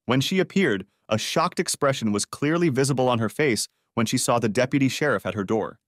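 A man narrating a story in the first person, with an animated, scripted delivery. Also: medium pitch, fairly quick, no echo, studio quality.

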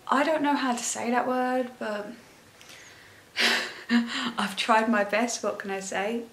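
A woman's voice: on the high side, fairly even intonation, slow pace, pauses often, fairly bright tone, slight background noise. A young woman doing a casual makeup tutorial, chatting in a rambling way and gushing over the products. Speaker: beauty vlogger. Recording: echoey room.

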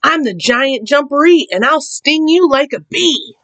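A woman voicing a hidden storybook creature that booms rhymed threats from a burrow. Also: lively intonation, a little slow, fairly bright tone. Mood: boastful. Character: boastful hidden burrow creature, loud and menacing.

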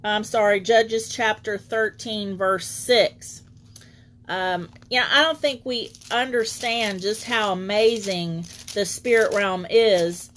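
A woman's voice: mid-range voice, slow pace, a bit bright, slight background noise. A woman leading an online Bible teaching as preacher, reading scripture aloud and greeting viewers by name.

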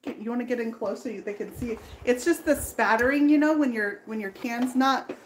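Woman, live painting demo host, chatty step-by-step teacher, fairly high voice, faint hiss behind. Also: brisk. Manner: chatty, laughing, step-by-step instruction. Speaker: furniture painter and tutorial host. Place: workshop.

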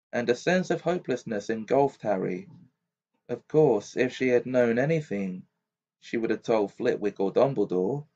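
A man's voice: mid-range voice, darkish tone. A man narrating an amateur audiobook, reading steadily with occasional stumbles. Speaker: audiobook reader. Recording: dull lo-fi recording.

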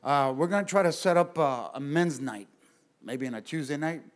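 A male pastor telling a story in a casual, animated way to a men's group at church, talking straight to his listeners. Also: a little high, moderate pace. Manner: animated, conversational, addresses the audience directly. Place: church gathering room.

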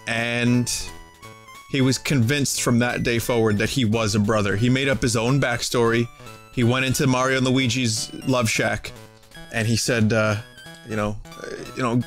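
A man streaming old computer games with casual, sarcastic, profane commentary, sounding a little sick and hoarse. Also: medium pitch, unhurried, a bit bright. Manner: sarcastic, profane, laughing often. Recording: music playing behind voice.

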